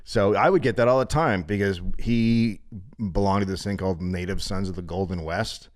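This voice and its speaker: A middle-aged man from California telling a comedic story, profane and animated, often laughing through the punchlines. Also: deep voice, moderate pace. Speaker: podcast guest.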